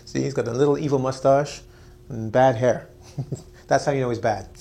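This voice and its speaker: A man's voice: medium pitch, steady tone, normal speed, creaky, mellow. A man teaching an English lesson on video, joking, mocking himself and acting out his students. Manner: playful, self-mocking, acts out students.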